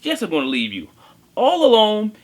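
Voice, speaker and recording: A man voicing a flustered father in a hurry to leave his son, in a high, exaggerated voice. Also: huge pitch swings, normal speed, exaggerated voice.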